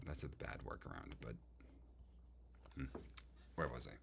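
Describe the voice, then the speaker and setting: Very deep, gravelly man muttering to himself. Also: animated, a little slow, long pauses, heavy background noise. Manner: muttering, self-talking, humming melodies on "da". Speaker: composer. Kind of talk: thinking aloud while notating music.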